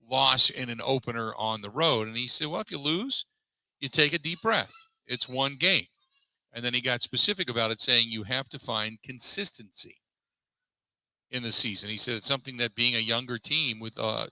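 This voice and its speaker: A man's voice: mid-range voice, pushed and bright, dry recording, low-quality recording. A man hosting a sports talk show, recapping a press conference and reeling off statistics in a conversational way, with many fillers. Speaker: sports radio host. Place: live broadcast from a pub.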